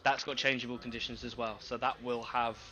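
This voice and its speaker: A man's voice: mid-range voice, level tone, brisk. A man giving live sim racing commentary, chatty and running through the grid with asides. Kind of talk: live esports race commentary. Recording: loud game engine noise behind.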